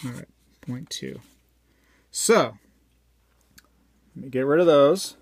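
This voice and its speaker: A man's voice: mid-range voice, slow, gravelly, husky, no room sound. A man chatting casually to viewers while weighing coins, rambling and joking as he goes. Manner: rambling, jokey, talks to viewers directly. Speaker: coin collector vlogger.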